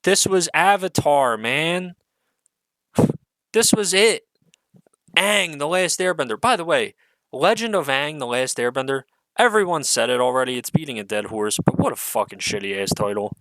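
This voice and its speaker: A man's voice: fairly high pitch, animated, moderate pace, fairly bright tone, dry recording, rough recording. A man giving an unscripted solo rant as an online commentator, profane, exasperated and sarcastic, swearing often amid fillers.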